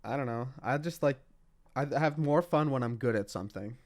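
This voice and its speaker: A young man co-hosting a casual podcast chat, with an ordinary mid-pitched voice. He rambles loosely, leans on filler words and laughs easily. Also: normal speed. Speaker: podcast co-host.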